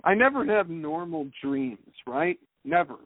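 A man co-hosts a podcast and tells a story with a lively, swooping delivery, his voice sitting a little high. He sounds wry and chatty. The sound is thin and phone-like, with no room to it. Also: measured pace, no room sound. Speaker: podcast co-host. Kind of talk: casual podcast chat. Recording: narrow phone-like sound, dry.

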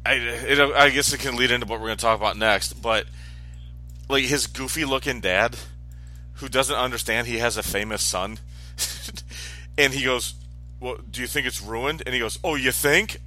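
A man co-hosting a casual talk podcast, animated and sarcastic as he rants. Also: medium pitch, moderate pace, soft background music. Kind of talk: casual chat.

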